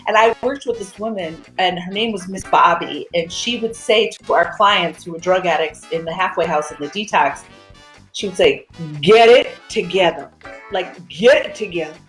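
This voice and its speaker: A woman's voice: normal speed, echoey room, faint music behind, low-quality recording. A woman chatting as a guest on a casual video-call interview, acting out little quoted moments as she tells her stories. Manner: animated storyteller, acts out quotes with big pitch jumps. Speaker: guest, actor and screenwriter.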